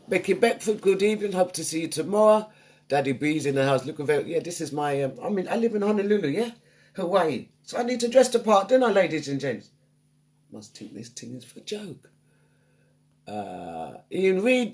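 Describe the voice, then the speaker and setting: A woman's voice: lowish voice, darkish tone. A woman hosting a live online radio show, chatting upbeat and greeting listeners by name. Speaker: radio DJ and host.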